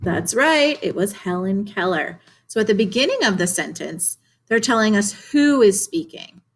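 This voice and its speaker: Woman teacher, young adult, clear encouraging delivery, online lesson for kids. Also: medium pitch, animated, moderate pace. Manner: clear, encouraging classroom delivery with questions to students. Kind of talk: remote video lesson for children.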